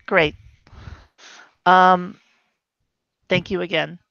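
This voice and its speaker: A woman's voice: fairly low pitch, fairly even intonation, drawn-out words, creaky, no room sound, dull audio. A woman playing a tabletop game, upbeat and encouraging. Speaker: player.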